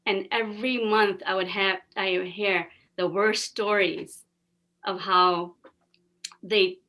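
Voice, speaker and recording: A woman's voice: mid-range voice, steady tone, slow, bright, forceful tone. A woman co-hosting a casual chat, talking in an earnest, emphatic way. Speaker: podcast co-host.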